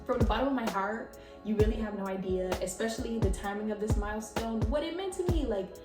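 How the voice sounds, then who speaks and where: A young woman in her twenties hosting her own podcast, excitable and chatty, full of "like" and laughs. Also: medium pitch, fast talker, echoey room, far from the mic, over loud music. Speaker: podcast host. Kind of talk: casual chat.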